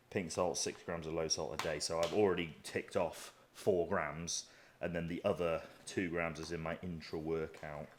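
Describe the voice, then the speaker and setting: A man's voice: low voice, a little hiss or hum. A man in his thirties chatting casually and cursing freely while making a meal for his fitness vlog. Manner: chatty, profane and offhand. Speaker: bodybuilding vlogger.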